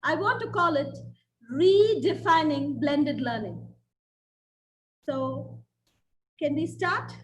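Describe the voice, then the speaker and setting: A woman lecturer giving a webinar, telling a story and speaking in a deliberate, emphatic way. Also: high-pitched, expressive. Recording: echoey room with faint noise.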